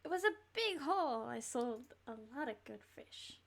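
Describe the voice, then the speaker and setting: Girl doing a salty old sailor guy for a farming game, hearty, pirate-ish drawl, kinda high. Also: expressive, extremely slow, gravelly, sharp tone, full character voice. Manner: improvised salty sea-dog accent. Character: weathered old male sailor fisherman, hearty. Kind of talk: reading game dialogue aloud on stream.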